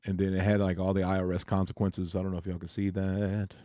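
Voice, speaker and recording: A man's voice: deep voice, completely flat delivery, quick pace, mellow, no echo, clean studio sound. A man chatting casually on a crypto livestream, hesitant and full of fillers and restarts.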